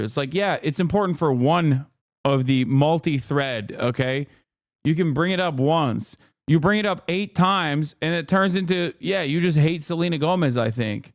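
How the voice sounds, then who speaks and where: A man's voice: a little high, animated, unhurried, no room sound, studio quality. A man streaming, reacting to clips in casual, sarcastic commentary, repeating himself and laughing often.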